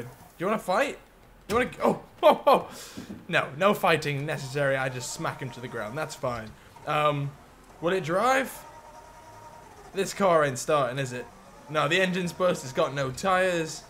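A young man giving casual, excitable commentary while playing a game, talking to the characters and laughing often. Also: on the high side, a little hiss or hum. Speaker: gaming YouTuber.

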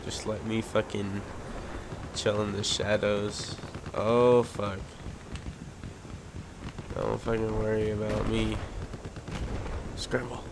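A man commentating his own online shooter match, swearing constantly and quick to rage. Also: on the low side, level tone, vocal fry. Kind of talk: casual gameplay commentary. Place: at home in front of a big TV. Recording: loud game gunfire and vehicle noise behind.

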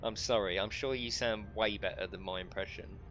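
A man's voice: fairly low pitch, steady tone, normal speed, fairly bright tone, highs cut off. A middle-aged man casually commentating a live game stream, chatting and joking with his viewers. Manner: jokey, chatty, reads out chat and laughs often.

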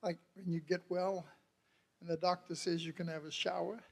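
A man preaching a sermon as a missionary. He talks to the congregation and calls out to them, moves from quiet lines to loud cries, and laughs often. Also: sits high, level tone, moderate pace, gravelly.

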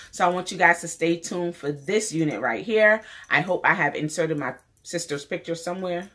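A woman's voice: lowish voice, expressive, fairly quick, hardly any pauses, fairly bright tone. Chatty New woman vlogger. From New York. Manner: enthusiastic, chatty, repeats phrases for emphasis. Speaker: beauty vlogger. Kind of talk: casual wig review vlog.

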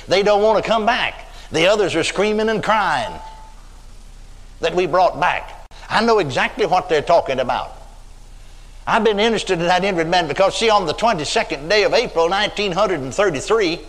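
Older male preacher, higher pitch, folksy storyteller, reverberant hall. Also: fairly bright tone. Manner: folksy storytelling, acts out quoted voices. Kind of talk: sermon.

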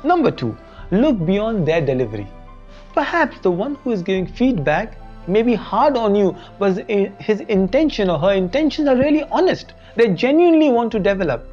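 A man's voice: high voice, normal speed. Man host giving a lo-fi teaching talk. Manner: expressive, acts out quoted reactions, repeats key points. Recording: dull lo-fi recording with faint music.

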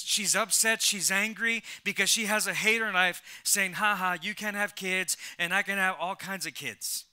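A man preaching an energetic sermon to a church congregation, prompting the crowd to repeat lines and often restarting his words, swinging from soft asides to loud calls. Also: sits high. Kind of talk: energetic sermon with call and response. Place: church service before a congregation.

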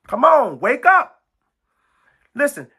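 Fiery woman preacher, bright voice. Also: high-pitched, sing-song, slow. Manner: fiery, repetitive, emphatic, stammering restarts. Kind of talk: sermon.

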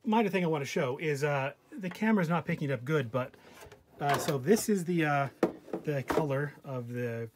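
A man's voice: medium pitch, a little hiss or hum. Wry man showing off an old terminal. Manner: wry, joking asides with frequent fillers. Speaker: vintage computer hobbyist host. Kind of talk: casual show-and-tell vlog.

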